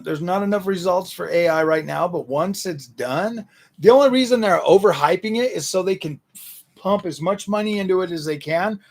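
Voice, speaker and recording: A man with a raspy, fry-heavy voice pitched a little high hosts a casual livestream. He rants to chat in loose slang and keeps repeating and restarting his sentences. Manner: slangy ranting, lots of "dude" and "man". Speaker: livestream host answering chat.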